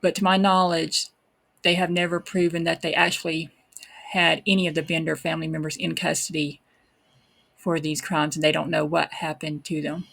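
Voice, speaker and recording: Her voice is low, gravelly and a bit bright, with flat delivery at normal speed. She hosts a true crime show, reading old documents aloud and then offering casual, hesitant comments.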